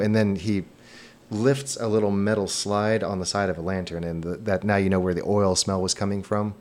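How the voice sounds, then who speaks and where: A man narrating a tabletop role-playing game as game master, in a relaxed, descriptive way with occasional fillers. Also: lowish voice, normal speed.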